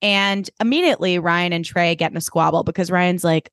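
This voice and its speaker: A woman co-hosting a podcast, recapping episodes in casual chat and acting out characters' lines in quick impressions. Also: fairly low pitch, fairly bright tone, no echo, clean studio sound. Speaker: podcast co-host.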